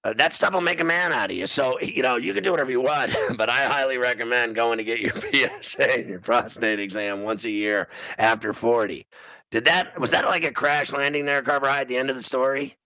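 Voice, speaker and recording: A middle-aged man hosting a radio show, telling a comic story in an animated way. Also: a little fast, no echo, lo-fi sound. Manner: animated storyteller, bursts into high screaming. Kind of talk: comedic storytelling.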